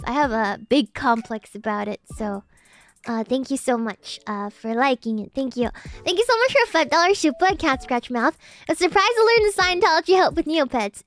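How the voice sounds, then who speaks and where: A woman streamer chatting casually with her live chat, reading messages and thanking viewers. She talks in a posh, slightly uppity-sounding English and giggles often. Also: high voice. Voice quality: formerly very nasal, now loosened.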